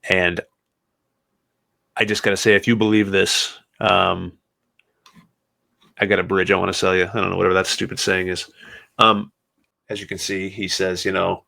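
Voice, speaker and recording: A man hosts his own podcast in a low, gravelly voice with a lot of vocal fry. He talks solo, somber and sarcastic, stopping often mid-thought. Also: level tone, pushed and bright. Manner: somber, sarcastic commentary with many pauses. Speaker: podcast host.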